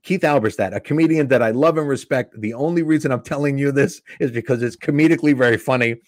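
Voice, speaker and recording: Talking quickly in a mid-range voice, a middle-aged stand-up comic spins an animated story on a podcast, voicing the people involved. The studio sound is clean and echo-free.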